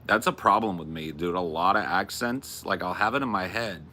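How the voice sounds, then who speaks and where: A man's voice: low voice, moderate pace, pushed and bright. A young man co-hosting a podcast in loose, profane casual chat, saying dude and bro. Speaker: podcast co-host.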